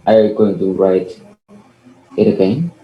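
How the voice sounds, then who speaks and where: A young student presenter with an Indonesian accent, who isn't a native English speaker, talks through a physics problem on a video call in a low, expressive voice, a little slowly. He's hesitant, often saying "okay" and fixing his own mistakes. The audio sounds dull, in an echoey room with faint noise.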